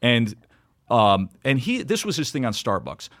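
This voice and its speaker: A middle-aged man chatting casually as a podcast guest, telling stories in an emphatic, animated way. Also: mid-range voice, a little slow, dry recording. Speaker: podcast guest, sports broadcaster. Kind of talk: casual chat.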